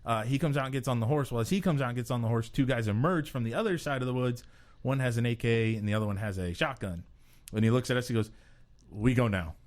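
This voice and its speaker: A man on a podcast, telling a story in a relaxed, chatty way. He pokes fun at himself as he goes. His voice sits at an ordinary middle pitch. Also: quick pace. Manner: animated, self-mocking storyteller. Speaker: podcast co-host. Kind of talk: casual storytelling.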